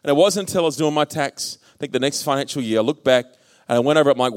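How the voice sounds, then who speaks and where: A man's voice: mid-range voice, racing, clear, resonant tone, no room sound, studio quality. A man preaching a sermon, telling personal stories in a casual voice and acting out his own past worries. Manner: conversational storytelling, acts out his own past panic. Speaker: pastor.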